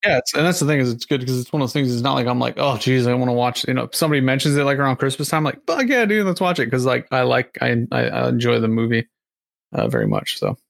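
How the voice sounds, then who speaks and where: A man's voice: mid-range voice, animated, fast, vocal fry, no room sound, studio quality. A man co-hosting a podcast, rambling casually about a movie with lots of fillers and the odd swear word. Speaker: podcast co-host. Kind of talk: casual chat reviewing a movie.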